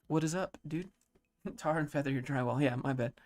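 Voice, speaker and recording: On a casual livestream, a man in his thirties reads chat questions aloud and answers them at a moderate pace. His manner is low-key and mellow.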